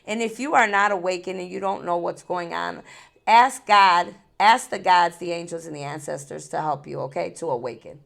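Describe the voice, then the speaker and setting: Her voice sits on the low side and is creaky, moving at a moderate pace. As host of a spiritual vlog, the woman speaks directly to viewers, laughing between ideas and repeating herself while tearful and angry.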